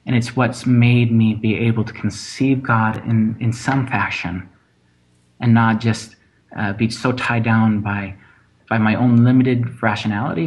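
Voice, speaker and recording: A man's voice: on the low side, slight background noise, poor audio. Hesitant man musing on stories. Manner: hesitant, repeats words and restarts often. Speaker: playwright guest. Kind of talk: casual conversation.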